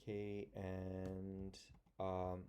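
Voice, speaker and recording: A man teaching young children an online phonics and spelling lesson, slow and patient, sounding words out letter by letter. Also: deep voice, monotone, mellow, smooth.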